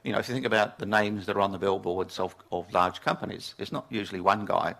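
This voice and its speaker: An older man from England speaks to a room full of people, spinning anecdotes and chuckling at his own jokes. His voice sits a little low but comes across bright and forceful. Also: quick pace, gravelly. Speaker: keynote speaker. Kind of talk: storytelling talk to a live audience. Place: lecture room with audience.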